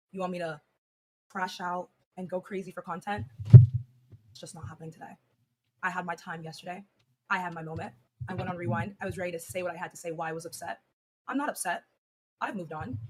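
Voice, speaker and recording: A woman co-host answering calmly in a flat, measured, serious monotone. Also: lowish voice, slight background noise. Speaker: co-host on a live stream. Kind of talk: serious on-air reply.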